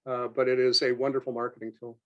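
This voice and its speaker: Halting man speaking on a webinar call. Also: mid-range voice, little pitch movement, lo-fi sound. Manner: halting, many filler sounds and restarts. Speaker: company representative on a webinar. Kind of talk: unscripted webinar talk.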